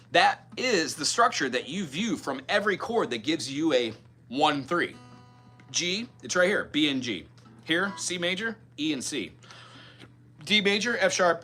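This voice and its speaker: A man's voice: on the high side, big pitch swings, normal speed. A man from the mainland United States teaching guitar in a live-streamed lesson, chatty and thinking aloud as he scats melodies. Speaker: music teacher. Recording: loud guitar under the voice. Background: guitar playing.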